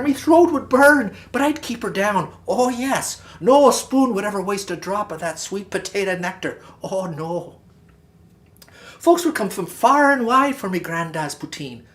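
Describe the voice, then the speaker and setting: A woman's voice: fairly high pitch, lightly acted. A woman doing a folksy old Irish farmer telling tall tales. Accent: Irish, put on. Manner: rambling folksy yarn-spinning, drops into stage-Irish grammar. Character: folksy elderly Irish farmer man, boastful storyteller. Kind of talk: comic character monologue.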